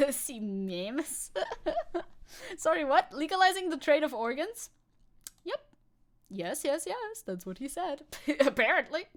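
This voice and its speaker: A woman streamer from Germany, reading the news aloud and reacting in a giggly, sarcastic way, swearing freely. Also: a little high. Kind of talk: casual reaction commentary.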